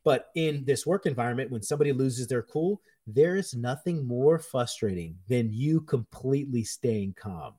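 Blunt, profane chef, dark voice. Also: male voice, medium pitch, moderate pace, hardly any pauses. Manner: blunt, profane, animated storytelling. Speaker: chef, podcast guest. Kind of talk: casual chat.

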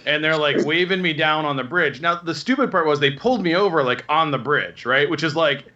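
A man in his thirties telling rambling, animated anecdotes in casual conversation. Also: on the high side, fairly quick, dull audio. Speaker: guest telling stories. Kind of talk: casual storytelling.

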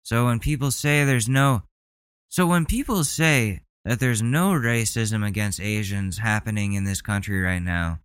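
A man with a low, smooth voice, reacting out loud to clips in casual commentary. He rambles and swears, openly indignant. The sound is dry and close, with no room around it. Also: measured pace, no echo. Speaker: commentary host.

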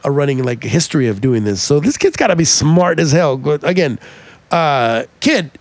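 Profane, rambling podcast guy, fairly high. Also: big pitch swings, moderate pace, dry recording. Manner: loose and profane, many fillers and restarts. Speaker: podcast co-host. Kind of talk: casual chat.

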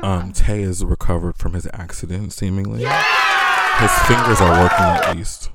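A man's voice: deep voice, a little slow, a loud crowd, heavy background noise. A man in his forties hosting his own radio show in a casual monologue, profane and exasperated, laughing often.

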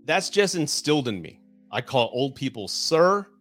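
A loose, chatty man with a Southern Texan drawl talks at a middling pitch on his live stream and drops the odd swear word. Faint music plays behind him. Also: big pitch swings, normal speed, fairly bright tone. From South Texas, USA. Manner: chatty, loose, swears, reads comments aloud. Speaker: divorce podcast host. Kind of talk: live-streamed casual monologue.

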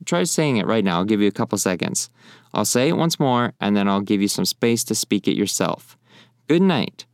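Lowish-voiced man teaching, slow and clear. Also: darkish tone, dry recording, studio quality. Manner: friendly, repeats phrases slowly and clearly. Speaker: language teacher. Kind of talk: casual spoken lesson.

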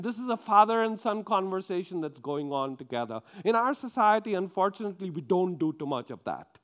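A man preaching a sermon, with emphatic stresses that drop into quiet, drawn-out lines. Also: sits high, lo-fi sound.

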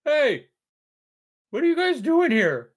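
A man voicing a suspicious male cultist guard with a high, loud, questioning voice. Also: wildly swooping pitch, slow, full character voice.

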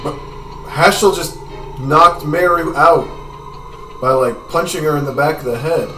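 A man casually narrates a let's play of a video game, describing the action as it happens. His voice is a little high, sharp and unhurried, picked up by a distant mic in an echoey room with faint music.

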